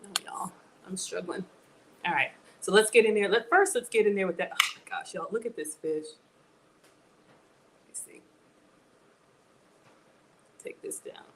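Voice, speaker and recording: A woman's voice: medium pitch, unhurried, pauses often, noisy background. Chatty woman hosting a cooking livestream. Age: middle-aged. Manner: chatty, greets viewers, laughs often. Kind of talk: casual live cooking chat.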